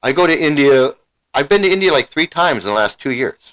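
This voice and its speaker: Speaking fairly quickly in a fairly high, expressive voice with a slightly bright tone, this middle-aged man hosts his own channel's livestream. He's in the middle of an angry, emotional rant, swearing and saying the same things over again. The audio is low quality.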